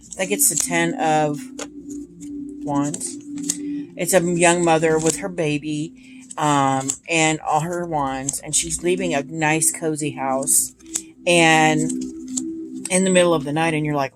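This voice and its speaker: A woman's voice: deep voice, steady tone, slow. A woman in her thirties chatting casually and gushing about her tarot decks, with many ums. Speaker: tarot deck reviewer. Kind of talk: casual chat. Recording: noisy home recording.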